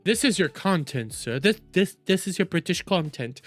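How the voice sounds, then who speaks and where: A man hosting a stream, mocking a clip in sarcastic reaction commentary that swings from loud outbursts to low mutters. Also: expressive, normal speed, hardly any pauses, dry recording, faint music behind.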